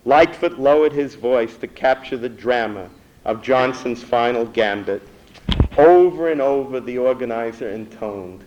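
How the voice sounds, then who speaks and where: A man reading a prepared history talk in a measured, earnest way, with a few stumbles. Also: mid-range voice, darkish tone, highs cut off. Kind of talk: read lecture.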